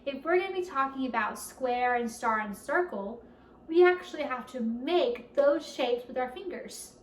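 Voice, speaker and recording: A woman leading a children's storytime at a library, speaking slowly and encouragingly and asking the children questions as she goes. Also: sits high, expressive, a little hiss or hum. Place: library room. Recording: roomy, distant camera audio.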